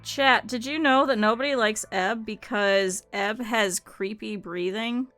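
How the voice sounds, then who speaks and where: Bright, chatty woman streamer with a lisp. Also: mid-range voice, measured pace, soft background music. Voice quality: slight lisp. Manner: chatty and animated, often laughing. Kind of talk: casual gameplay chat with viewers.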